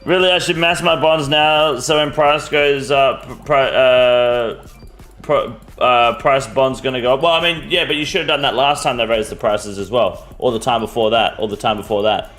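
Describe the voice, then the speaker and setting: Aussie bloke streaming, sweary blunt chat with viewers, medium voice, little music in the back. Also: male voice, mid-range voice, moderate pace, fairly bright tone. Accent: Australian. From Australia. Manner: blunt, profane, answers chat questions. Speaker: game streamer. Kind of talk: casual live-stream chat.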